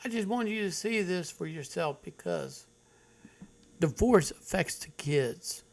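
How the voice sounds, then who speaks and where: A man with a somewhat high voice and a gravelly, creaky edge. He comments on stories he reads out for his channel, blunt and preachy, hammering home each point with emphasis. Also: animated, a little slow. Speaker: channel host. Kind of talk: commentary on read-aloud online stories.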